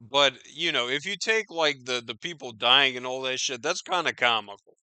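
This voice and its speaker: A man's voice: medium pitch, moderate pace, bright, forceful tone, clear, resonant tone, dry recording. A man hosting a podcast, riffing on news in a profane, rambling, incredulous way. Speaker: podcast host. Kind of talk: casual news commentary.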